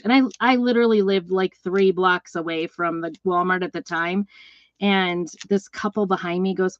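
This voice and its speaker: A woman's voice: mid-range voice, fairly even intonation, moderate pace, a bit bright, dry recording, muffled recording. A middle-aged woman hosting a live craft demonstration, chatting and rambling through stories while she works with her hands. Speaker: craft seller and host.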